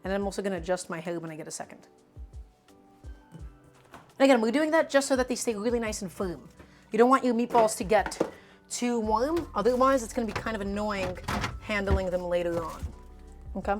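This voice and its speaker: A woman's voice: medium pitch, brisk, pauses often. Young woman, cooking streamer, casual and playful, home kitchen, light music underneath. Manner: chatty, playful, answers chat questions.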